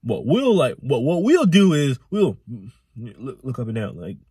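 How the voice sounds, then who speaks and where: A man's voice: mid-range voice, measured pace, slightly rough, dry recording, studio quality. A young man rambling through a storytime vlog, repeating himself and dropping slang as he goes. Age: young adult. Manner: animated, rambling, repetitive slang. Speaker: vlogger.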